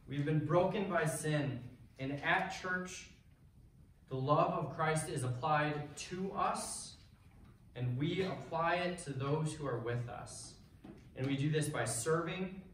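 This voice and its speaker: A young man preaching to a youth group in a casual, chatty way, full of fillers and frequent "right?" and "okay?" check-ins. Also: on the high side. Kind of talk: sermon. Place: church hall. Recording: very echoey hall, mic far off, faint noise.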